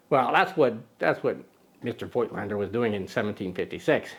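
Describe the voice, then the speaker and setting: Brisk and animated, a man with a fairly low voice hosts a casual camera show. He jokes and teases a little sidekick playfully, rambling loosely with lots of ums and self-corrections.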